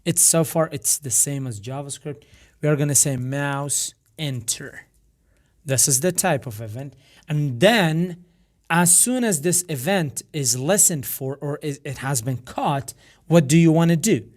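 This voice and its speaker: Man, programming instructor, rough gravelly voice, stop-start step-by-step explaining. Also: fairly high pitch, measured pace, a little mellow. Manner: explains step by step with frequent fillers and restarts. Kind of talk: screen-recorded coding tutorial.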